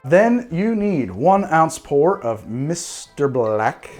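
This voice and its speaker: A man's voice: a little high, big pitch swings, takes it slowly, darkish tone, faint music behind. A man hosting a cocktail show, chatting casually and rambling with restarts and self-deprecating jokes. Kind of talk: casual tasting commentary.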